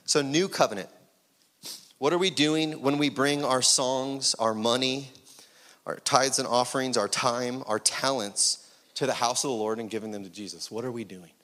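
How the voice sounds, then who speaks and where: Man, preacher, mid-pitched, passionate sermon delivery, questioning the room, loud highs and whispered lows. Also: moderate pace. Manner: impassioned, rising to loud peaks then dropping to hushed whispers; asks the congregation rhetorical questions. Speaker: pastor.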